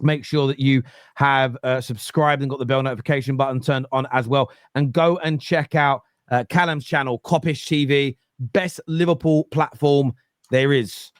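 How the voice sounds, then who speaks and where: A man hosting a football podcast, talking in an animated, emphatic way and often repeating words. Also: medium pitch, normal speed, no echo, clean studio sound. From England. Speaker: podcast host. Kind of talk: casual football podcast chat.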